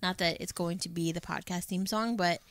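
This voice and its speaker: A woman's voice: lowish voice, fairly quick, no echo. A woman in her thirties co-hosting a casual podcast, telling family stories with lots of laughter. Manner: animated storytelling, laughs often, acts out family quotes. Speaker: podcast co-host. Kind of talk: casual chat.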